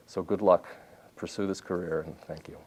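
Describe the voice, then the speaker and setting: A man in his fifties, a journalist giving a talk at a university, telling anecdotes in an animated way and often restarting his sentences. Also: low voice, normal speed, heavy background noise. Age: 50s. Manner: animated storytelling with restarts and self-corrections. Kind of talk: lecture with anecdotes. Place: university lecture hall.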